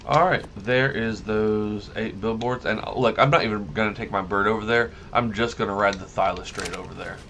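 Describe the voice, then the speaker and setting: Lowish male gamer, chatty and rambling over gameplay, audible background noise. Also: creaky, fairly bright tone. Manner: rambling, self-correcting, easily amused. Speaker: gaming YouTuber. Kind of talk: casual let's-play commentary.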